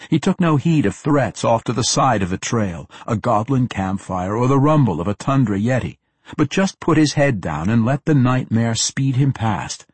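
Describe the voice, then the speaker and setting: A man narrating a fantasy novel audiobook in a steady, descriptive reading. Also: medium pitch, slightly rough, dry recording. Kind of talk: scripted narration.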